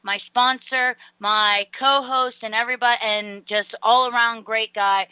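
A young woman hosts a casual podcast over a tinny, phone-like line with a dry close sound. Her voice sits on the high side. She rambles quickly and energetically, acting out bits of other people's dialogue. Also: dry recording. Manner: energetic, rapid rambling with acted-out quotes. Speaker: podcast host.

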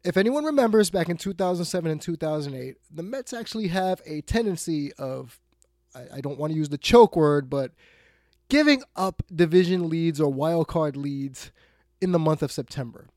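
A man hosting a sports talk radio show, ranting bluntly, swinging between loud outbursts and quiet muttered asides. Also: on the high side, animated, moderate pace, no room sound, clean studio sound.

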